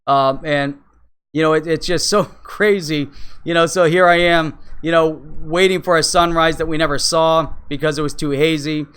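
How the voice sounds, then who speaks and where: A man's voice: on the high side, steady tone, normal speed, fairly bright tone, clean tone. A man hosting a show, telling a long travel story casually, with many fillers and restarts. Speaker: crypto show host.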